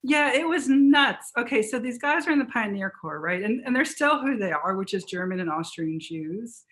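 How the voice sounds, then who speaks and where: A woman author in a book talk conversation, telling history in an animated, fast storytelling way with frequent restarts. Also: a little high.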